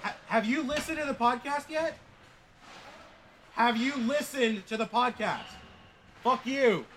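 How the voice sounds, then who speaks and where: A man's voice: very high voice, measured pace, a bit bright, slight background noise, pitched above the performer's own voice. A man putting on a nagging, pestering voice to mock someone, repeating the same question. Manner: mocking, pestering repetition.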